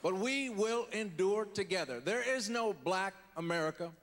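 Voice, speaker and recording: A man doing a measured presidential orator. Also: sits high, lively intonation, fairly bright tone. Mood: solemn. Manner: slow deliberate speech-making with pauses. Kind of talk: stand-up impression. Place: live comedy festival stage. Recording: hall reverb, faint crowd ambience.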